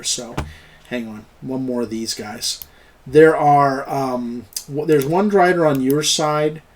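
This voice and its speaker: A middle-aged man running an online tabletop game as game master, chatty and explaining, laughing often. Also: mid-range voice. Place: at home, online voice chat.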